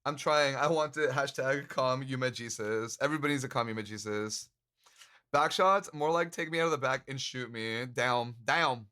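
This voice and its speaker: Speaking at normal speed in a bright, forceful, medium-pitched voice, a man streamer chats casually with his live viewers. He jokes around, laughs a lot, and swears without restraint, heard through a handcam stream mic.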